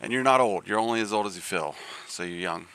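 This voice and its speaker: A man's voice: fairly low pitch, fast, a bit bright, slight background noise. A man hosting a live game stream, chatting casually in a rambling way with lots of fillers and restarts.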